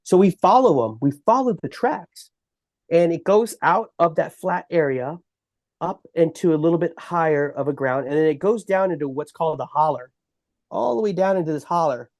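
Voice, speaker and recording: A man with a Texan accent tells his story in an animated, halting way. He often restarts his sentences, and his voice sits a little high for a man. The sound is dry and close, with no room around it. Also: dry recording. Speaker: bigfoot researcher guest. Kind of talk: storytelling in a podcast interview.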